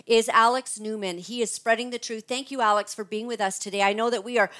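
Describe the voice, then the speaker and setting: A woman hosting an interview, eager and affirming, with halting restarts. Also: fairly high pitch, steady tone, fairly bright tone. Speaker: host.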